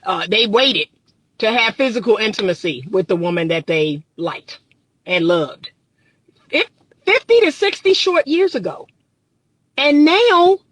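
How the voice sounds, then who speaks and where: A woman's voice: sits high, sing-song, measured pace, fairly bright tone, no room sound. A woman relationship coach, giving an emphatic live-streamed talk and repeating her points for emphasis. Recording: dry close phone mic.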